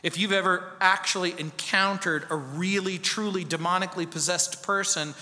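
A man in his fifties preaches a sermon and tells a story with drama, rising high, then sinking to a hush. His voice is very bright and fairly high. A long reverb trails off around him in a hall. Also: steady tone, normal speed. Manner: dramatic storytelling, swinging from loud to hushed. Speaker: pastor.

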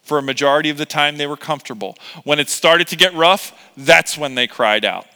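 A man preaching with a bright, forceful voice that rings in a hall with a long reverb. He is animated, retelling scripture and playing out its characters in casual voices. His voice sits a little high for a man. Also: brisk, smooth. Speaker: pastor. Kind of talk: sermon.

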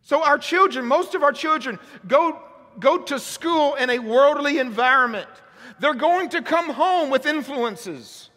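High, bright-voiced fiery male preacher. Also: lively intonation, a little slow. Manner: fiery, shouting rhetorical questions. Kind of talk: sermon. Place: church service. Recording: long hall reverb.

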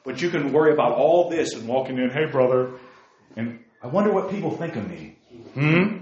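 A man preaching a sermon to young people, lively, calling listeners by name and asking them questions, swinging from loud outbursts to hushed asides. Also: mid-range voice, a little fast, reverberant, muffled recording. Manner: addresses listeners by name, asks rhetorical questions. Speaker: youth preacher.

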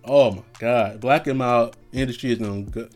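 A young man talks loosely to his listeners in a relaxed, profane ramble, breaking into laughter now and then. His voice sits at an ordinary pitch for a man, with faint music playing under the talk. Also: normal speed. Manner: laid-back, profane, laughs often. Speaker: podcast host. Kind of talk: casual solo chat.

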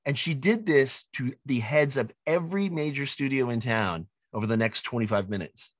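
A man, a film director being interviewed, telling lively anecdotes and acting out the people he quotes. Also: mid-range voice, moderate pace, no echo. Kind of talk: animated storytelling in an interview.

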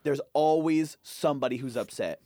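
A man's voice: mid-range voice, moderate pace, mellow, dry recording, studio quality. A man co-hosting a podcast in casual chat, ranting in exasperation and swearing freely. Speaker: podcast co-host.

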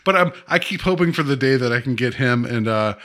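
A man's voice: mid-range voice, expressive, brisk, fairly bright tone. A man co-hosting a podcast in casual chat, joking and laughing often, with many fillers. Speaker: podcast co-host.

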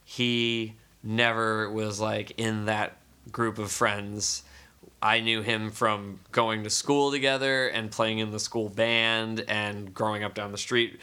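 A man's voice: lowish voice, level tone, slow, bright, forceful tone, clean tone. A man in his thirties co-hosting a casual podcast chat, telling stories with plenty of profanity. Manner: profane, storytelling. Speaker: podcast co-host.

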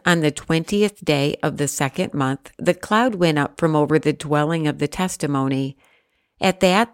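Woman, low register, measured scripture reading, dry close sound. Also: no room sound. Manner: steady, measured reading with careful pauses. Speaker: scripture reader.

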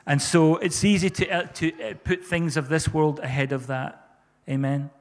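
A man preaches in a fairly high voice, pressing his points with fervent repetition. His words ring out with the long reverb of a church hall. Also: flat delivery, moderate pace. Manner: fervent, repeats phrases for emphasis. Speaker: pastor. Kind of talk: sermon.

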